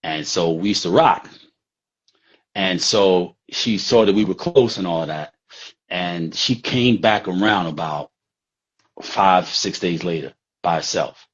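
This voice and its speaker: Husky New man spinning a street story. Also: sits low, slow. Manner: rambling, streetwise, profane, with fillers. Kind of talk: casual storytelling. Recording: dull lo-fi recording.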